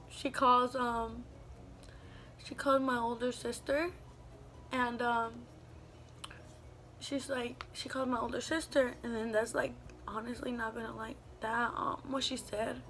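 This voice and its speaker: A young woman in her teens telling a personal story in a halting, subdued way, full of fillers. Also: fairly high pitch, a bit bright, a little hiss or hum. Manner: halting, filler-heavy with many "like"s; subdued, emotional retelling. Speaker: vlogger. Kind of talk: storytime vlog.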